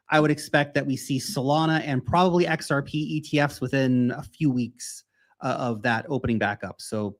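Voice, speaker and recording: An American man in his thirties hosts a casual crypto livestream, reading out and answering viewer questions. He talks bluntly and swears freely, driving his points home with emphasis. His voice sits at an ordinary middle pitch for a man. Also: a bit bright. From United States.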